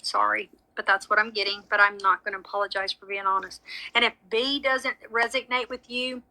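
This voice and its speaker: A woman's voice: medium pitch, fairly even intonation, fairly quick, pushed and bright, low-quality recording. A woman giving a live psychic reading, chatty and frank with frequent apologies. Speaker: psychic medium. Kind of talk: live social media reading.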